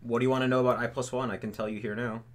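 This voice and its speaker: A man's voice: medium pitch, little pitch movement, racing. Young man rambling casually on a livestream. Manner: loose, filler-heavy talk with many "like"s. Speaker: streamer answering chat questions.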